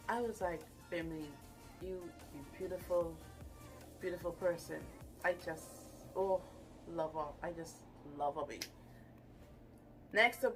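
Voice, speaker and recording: A woman casually reviewing a TV episode on her channel, animated and gushing, with playful asides. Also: fairly low pitch. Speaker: YouTube reviewer.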